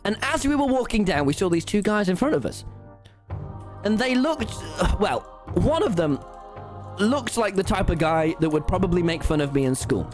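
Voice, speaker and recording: A young man telling a story on a live stream, animated, swearing often and laughing. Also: high-pitched, moderate pace, faint music behind.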